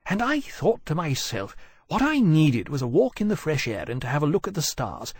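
A man playing an airy, boastful young gentleman. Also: fairly high pitch, very animated, moderate pace, husky, dry recording, voice pushed up, exaggerated voice. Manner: airy, offhand.

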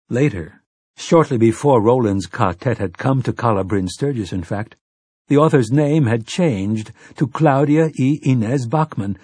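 A man narrating an audiobook in a measured, even storytelling manner. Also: mid-range voice, breathy edge, dry recording. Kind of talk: scripted narration.

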